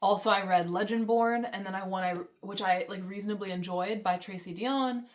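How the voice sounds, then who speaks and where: A woman's voice: mid-range voice, fairly quick, a little hiss or hum. A young woman vlogging about books in a casual, rambling, enthusiastic way, with many fillers and laughs. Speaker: book vlogger. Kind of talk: casual chat.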